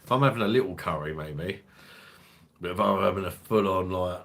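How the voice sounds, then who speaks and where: A man's voice: sits low, brisk, a bit bright. A man hosting a casual beer livestream, rambling, swearing freely and laughing as he reads chat. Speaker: beer review channel host. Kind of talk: casual livestream chat reading viewer comments.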